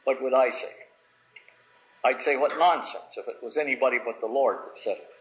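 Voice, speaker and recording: A man's voice: medium pitch, normal speed. Man preaching on a tinny old recording. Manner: reads scripture in old biblical wording, builds to raised emphatic questions. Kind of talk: sermon.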